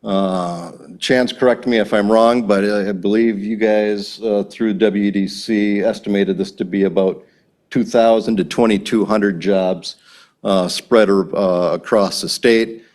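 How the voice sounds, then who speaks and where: A man with a notably low voice speaks at a county board meeting, earnest and halting. He often restarts his sentences and repeats words as he talks. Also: fairly even intonation, darkish tone. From Wisconsin. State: a little emotional. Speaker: timber company president.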